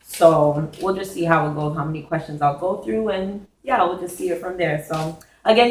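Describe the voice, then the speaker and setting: A hoarse young woman chatting casually to camera, hosting her own advice segment with a chatty, giggly manner. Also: on the low side, moderate pace, few pauses, roomy sound, low-quality recording. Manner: chatty, giggly, talks straight to viewers.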